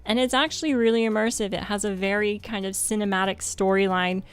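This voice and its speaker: A woman's voice: mid-range voice, steady tone, a little fast, clear, resonant tone. Chatty French-accented woman streamer. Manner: chatty, laughs often, lots of "like". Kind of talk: casual livestream chat.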